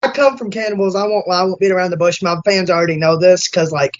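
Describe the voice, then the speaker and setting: A man hosting an interview, chatting casually and excitably with plenty of swearing. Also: high voice. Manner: excitable, profane, fast bursts. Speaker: interview host. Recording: dull lo-fi sound.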